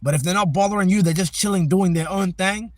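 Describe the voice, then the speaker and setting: A man's voice: high-pitched, fast talker, a little hiss or hum. A man hosting a casual livestream, talking in a loose, slangy, rambling way that turns into heated ranting at a viewer in the chat. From Australia. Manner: laid-back, rambling, slangy. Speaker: livestream host.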